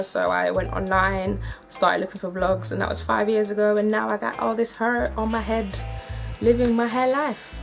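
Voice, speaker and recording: A woman's voice: medium pitch, level tone, moderate pace, vocal fry, over music. A British woman in her twenties chatting casually and upbeat to camera as a hair vlogger, full of "like" and "um". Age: 20s. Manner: chatty and upbeat, filler-heavy with "like" and "um".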